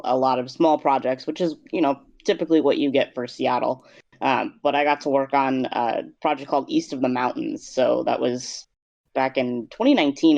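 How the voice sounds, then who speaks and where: A makeup artist and vet tech tells a story at an easy pace in a casual interview, relaxed and peppered with many "um"s. His medium-pitched voice is creaky. The lo-fi recording has no room sound.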